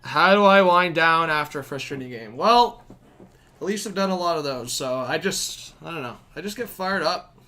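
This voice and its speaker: Bright-voiced excitable young man streaming hockey. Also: fairly high pitch, normal speed. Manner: excitable, shouts at big plays, chats with viewers. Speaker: live stream host. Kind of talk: hockey play-by-play and chat.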